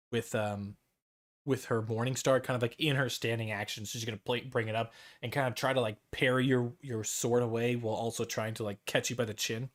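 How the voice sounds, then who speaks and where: A man runs a tabletop game, narrating in a relaxed, rambling way. His voice sits at an ordinary middle pitch, and he stops and restarts often as he describes the scene. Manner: loose, halting narration full of fillers and restarts. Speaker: dungeon master.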